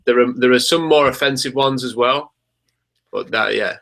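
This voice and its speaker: A man's voice: medium pitch, moderate pace, gravelly, bright, forceful tone. A man co-hosting a casual sports podcast, chatty and hesitant, with lots of ums. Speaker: podcast co-host.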